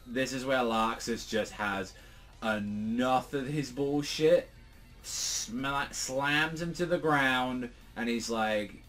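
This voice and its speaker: A man's voice: medium pitch, takes it slowly, fairly bright tone. Rambling British guy reviewing manga. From Britain. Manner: rambling, lots of fillers and swearing, acts out quotes in jumpy bursts. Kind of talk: casual solo review chat.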